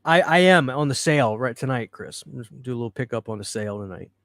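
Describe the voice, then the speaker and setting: A man hosting a live stream in a loose, chatty way, picking up viewer comments as they arrive. His voice sits at an ordinary pitch, and the studio mic gives a dry, close sound. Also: animated, quick pace, no echo. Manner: chatty, reads and answers viewer comments, laughs easily. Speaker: livestream host. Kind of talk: casual live chat. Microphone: studio microphone.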